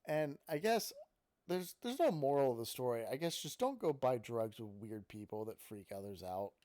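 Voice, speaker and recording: A man's voice: mid-range voice, sing-song, normal speed, dark tone. A man telling a story in a casual, rambling, profane way, with frequent restarts.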